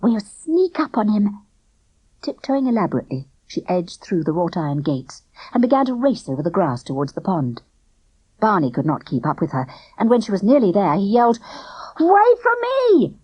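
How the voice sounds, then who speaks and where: A woman narrating a children's audiobook in an expressive storytelling manner. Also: lowish voice, brisk, husky, no echo, lo-fi sound. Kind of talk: scripted children's book narration.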